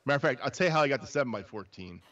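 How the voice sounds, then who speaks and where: A man's voice: mid-range voice, lively intonation, very fast, a bit bright. A man hosting a casual live chat about drums, telling long rambling stories with lots of restarts. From New Jersey. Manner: rambling storyteller with many restarts. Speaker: drummer and podcast host. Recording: dull lo-fi livestream audio.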